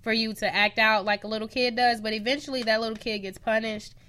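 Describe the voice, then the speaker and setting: Female co-host, playful and animated, bright higher voice. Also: fast talker. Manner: playful, laughs often, animated. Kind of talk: casual pop culture chat.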